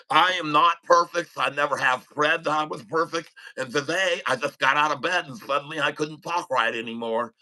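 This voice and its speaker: A man's voice: a little high, normal speed, bright, forceful tone, low-quality recording. A man with a lisp, chatting casually and joking on a live trading stream, laughing often. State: lisping. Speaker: day trader livestreaming.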